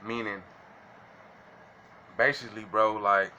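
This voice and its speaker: Casual vlogger, man, slangy and bright, faint noise behind. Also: fairly low pitch, fairly even intonation, takes it slowly, muffled recording. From Illinois. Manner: slangy, keeps asking "you know what I'm saying". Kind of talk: casual monologue to camera.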